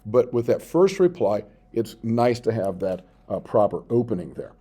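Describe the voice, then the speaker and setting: Mellow-voiced male teacher explaining emails. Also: fairly low pitch, very animated, a little hiss or hum. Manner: explains step by step, reads out sample text slowly while typing. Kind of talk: screen-recorded tutorial.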